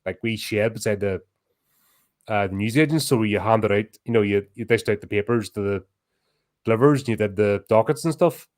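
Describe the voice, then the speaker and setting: A middle-aged man, co-hosting a podcast in casual chat, loud and animated, laughing easily. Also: fairly low pitch, moderate pace. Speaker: podcast co-host.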